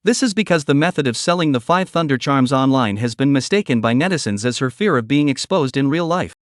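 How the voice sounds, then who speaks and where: A man's voice: mid-range voice, lively intonation, fairly quick, no echo, clean studio sound. A man narrating a comic recap with a scripted, dramatic storytelling delivery.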